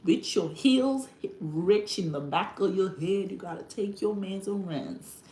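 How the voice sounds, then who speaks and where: A woman's voice: medium pitch, a little slow, mellow, echoey room, slight background noise. A woman with an African accent hosting a casual livestream chat, often breaking into laughter and acting out the voices she quotes. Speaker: livestream host.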